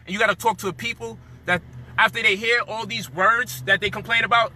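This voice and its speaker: A man's high, very bright voice in a heated monologue. He rants with frustration, swears freely and lectures his listeners. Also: steady tone, a little fast, slight background noise. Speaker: commentator.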